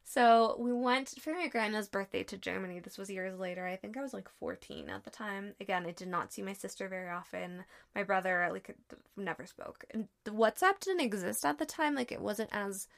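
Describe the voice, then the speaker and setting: A woman's voice: medium pitch, lively intonation, moderate pace, vocal fry. A woman in her twenties casually telling a personal story to her viewers, chatty and sarcastic, with lots of fillers. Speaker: vlogger.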